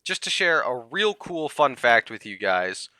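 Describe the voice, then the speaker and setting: A man ranting to the camera, heated and sarcastic, swinging between yelling and muttering. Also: medium pitch, very animated, a little slow, no room sound, studio quality. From United States. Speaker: comedian vlogger. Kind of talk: comedic rant to camera.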